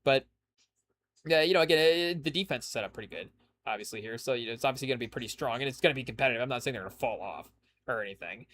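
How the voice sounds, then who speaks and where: A man's voice: mid-range voice, very fast, a bit bright. A young man hosting a casual sports podcast, rambling through his points with lots of "you know" and "hey, yo" asides. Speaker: podcast host.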